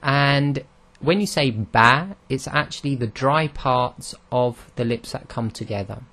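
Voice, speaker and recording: A man's voice: medium pitch, measured pace, sharp tone. A man teaching Arabic pronunciation in a recorded lesson, explaining patiently step by step and sounding out each letter aloud.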